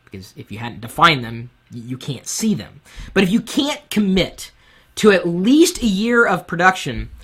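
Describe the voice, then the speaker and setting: Man, high-pitched voice, web show host, candid live-stream advice, very lively pitch, bright tone. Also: normal speed, husky. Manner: animated, candid, speaks from the heart. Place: home studio set with lights. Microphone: boom mic on top of the camera.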